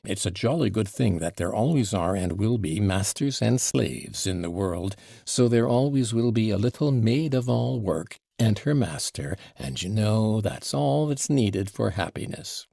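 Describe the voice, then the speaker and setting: A man's voice: on the low side, animated, a little slow, gravelly, few pauses, warm tone, no echo, studio quality, exaggerated voice. A man reading the part of a drunken, quarrelsome old father who rambles, wheedles and taunts, in an audiobook. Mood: boastful rambling.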